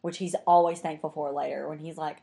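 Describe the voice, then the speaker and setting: A woman's voice: sits low, level tone, a little fast, gravelly, mellow. A young woman telling a story in casual chat, talking chattily and saying "like" constantly.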